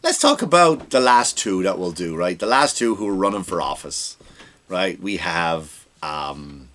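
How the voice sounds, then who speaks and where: A man's voice: low-pitched, lively intonation, a little slow, a bit bright. A man hosting a comedy podcast, ranting sarcastically about politics with profanity and rhetorical questions.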